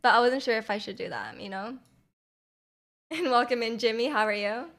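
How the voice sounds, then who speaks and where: A woman's voice: fairly high pitch, moderate pace, fairly bright tone. A young woman livestreamer in casual chat with her viewers, rambling with lots of fillers and giggles.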